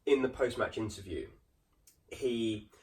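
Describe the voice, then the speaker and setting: A man with a lively, restarting way of talking, co-hosting a casual football chat and laughing often. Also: medium pitch, measured pace, far from the mic. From Watford area, England. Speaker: podcast co-host.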